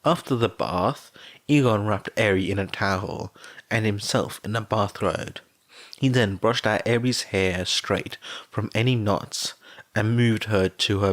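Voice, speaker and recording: Fan audiobook reader, man, lowish voice, very slow even reading. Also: no echo. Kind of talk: audiobook narration.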